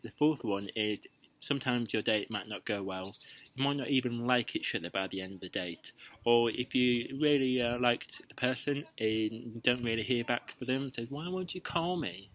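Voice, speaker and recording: A man's voice: medium pitch, moderate pace, a bit bright, dry recording, low-quality recording. A young man giving casual, playful dating advice to camera, chatty and full of ums and restarts. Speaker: vlogger giving dating tips.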